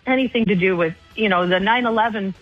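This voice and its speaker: A woman's voice: medium pitch, fast. A woman from Michigan calling in to a radio talk show, talking in an earnest, eager way. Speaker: caller. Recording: phone-line call with faint music.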